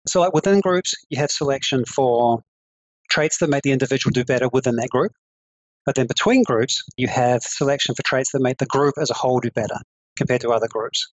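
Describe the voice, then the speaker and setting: Measured New Zealand man explaining. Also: medium pitch, no echo, lo-fi sound. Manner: measured, careful explaining with hedges. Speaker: guest psychology professor. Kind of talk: conversational interview.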